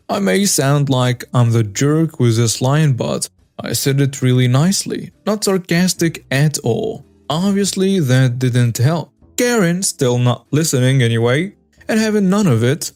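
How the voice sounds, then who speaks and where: A man's voice: medium pitch, expressive, a little slow, darkish tone, no room sound. A man narrating a customer-service story in a wry, conversational way. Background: faint background music.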